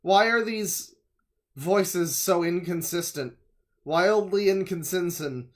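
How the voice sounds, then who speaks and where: A man's voice: sits high, slow pace. Sarcastic rambling male streamer. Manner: rambling, sarcastic, swears often. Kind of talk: livestream reaction commentary.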